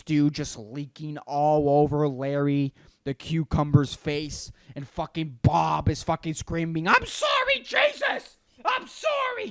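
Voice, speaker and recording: Man ranting with wildly swinging pitch. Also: no room sound. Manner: profane, ranting, heavy use of "dude". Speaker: podcast host. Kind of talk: solo comedic rant.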